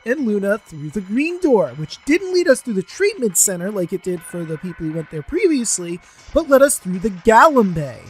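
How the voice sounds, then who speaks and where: A woman hosting a let's play, chatting wryly and teasing the characters. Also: medium pitch. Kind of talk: casual commentary with character voicing.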